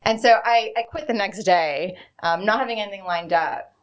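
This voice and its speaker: A woman's voice: mid-range voice, normal speed. A woman in her thirties, a bank executive, frankly telling stories from her career as an interview guest. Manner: frank, conversational storytelling. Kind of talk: candid interview answers.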